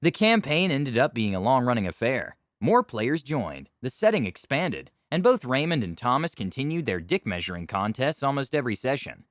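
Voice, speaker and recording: A man narrating a tabletop game story with wry, deadpan humor. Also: mid-range voice, moderate pace, few pauses, no room sound, studio quality.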